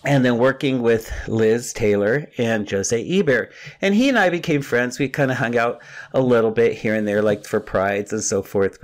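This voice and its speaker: An older man hosting a podcast, telling his own stories in a chatty, rambling, gossipy way. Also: mid-range voice. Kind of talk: casual storytelling monologue.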